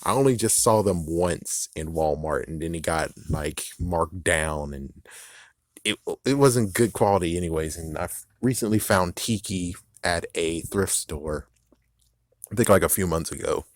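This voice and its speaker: Man, casual rant, rambling, swearing, low voice, dry close sound. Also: unhurried, no echo. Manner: rambling, swears freely, laughs, acts out quotes. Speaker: video creator.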